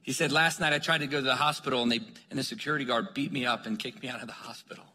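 A man preaching a sermon, telling a story with lively acted-out dialogue. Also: medium pitch, rapid-fire. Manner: animated storyteller acting out dialogue. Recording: long hall reverb.

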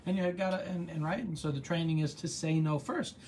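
A man with a fairly high, a little mellow voice hosts a live online gratitude practice as coach, speaking a little fast with fairly even intonation. He's chatty and encouraging, reads out viewer comments, and drifts into side stories. A little hiss or hum comes through.

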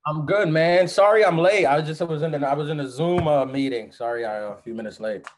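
A man's voice: on the high side, brisk, a little hiss or hum. A man chatting as a comedian guest on a podcast, joking and laughing easily. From United States. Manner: joking, self-deprecating, laughs often. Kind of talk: casual podcast chat.

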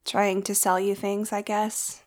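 A woman's voice: mid-range voice, little pitch movement, unhurried. A woman co-hosting a podcast in casual chat with her husband, chatty and easygoing. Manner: chatty, easygoing, laughs often. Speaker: podcast co-host.

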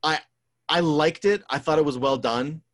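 A man's voice: on the high side, normal speed. A man co-hosting a podcast in casual chat, rambling and filling gaps with "um" and "like". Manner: rambling, full of "um" and "like". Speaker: podcast co-host. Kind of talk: casual chat about movies.

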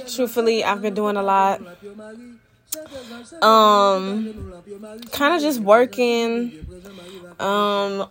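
Bright and forceful at a medium pitch, this young Vodou practitioner and spiritual mentor talks casually to her vlog viewers, slightly breathless and leaning on slang and filler words.

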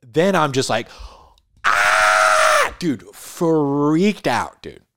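A man, a podcast host, casually telling a story in a laid-back way, dropping "dude" and "like" often and building drama with pauses. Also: a little high, no echo. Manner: animated, dramatic retelling with pauses.

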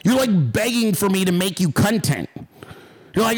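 A man's voice: high voice, animated, moderate pace, slightly rough, poor audio. A man hosting a livestream, ranting at his chat with heavy profanity and mocking sarcasm. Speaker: livestream host.

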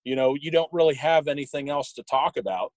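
A young man with a slightly high voice talks through old memories in a loose, rambling way and chuckles as he goes. The sound is close and dry, with no room around it. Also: steady tone, a little fast, no room sound, low-quality recording. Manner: rambling, warm, chuckles while telling stories. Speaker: guest sharing memories. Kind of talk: casual storytelling.

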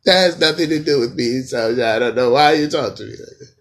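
A man hosting a podcast, telling a comedic story in an animated, profane way. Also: mid-range voice, brisk. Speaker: podcast host.

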